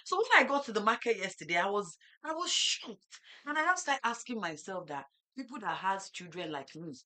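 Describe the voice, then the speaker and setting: A middle-aged Nigerian woman hosting a farm talk show, telling lively stories and acting out market exchanges. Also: mid-range voice, brisk. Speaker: farm host. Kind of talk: casual chat.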